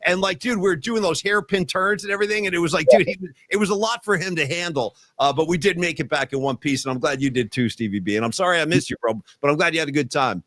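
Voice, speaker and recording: Podcast host guy, fairly high voice, super animated, dry close mic, tells stories and does the yelling bits. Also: fast talker, hardly any pauses, no room sound. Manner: animated storytelling, acts out yelling. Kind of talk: casual chat.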